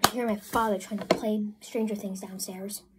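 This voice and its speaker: Heavy background noise surrounds this woman's medium-pitched, flat voice as she talks at a normal speed. She's a vlogger casually narrating a messy crafting project at a home work table, growing flustered and apologetic when it goes awry.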